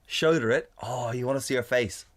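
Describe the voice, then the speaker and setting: Speaking fairly quickly at a medium pitch, a male podcast co-host narrates a story in casual conversation through a condenser studio mic, cursing frequently, full of animation and imitating his partner loudly.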